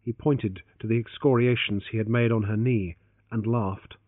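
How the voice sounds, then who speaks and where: A man's voice: lowish voice, fairly even intonation, normal speed, no room sound. A man narrating an adventure novel as an audiobook. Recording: tinny phone-like, dry.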